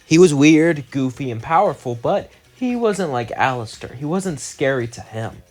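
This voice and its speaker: A man's voice: on the high side, lively intonation, normal speed, a little mellow. A young man, the host of his channel, telling a fan-made story in a loose, run-on way, stringing events together with "as" and "would say". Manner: loose run-on narration, many "as" and "would say" links; chatty and rambling in the outro, many fillers. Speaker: channel narrator. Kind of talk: casual fan-fiction storytelling.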